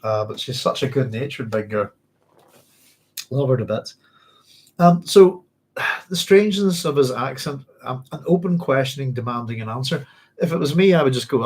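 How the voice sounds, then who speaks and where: His voice is medium in pitch, expressive and a little rough: a Northern Irish book club host reading excerpts and discussing them. The talk wanders haltingly, packed with ums and self-corrections, and now and then he coughs.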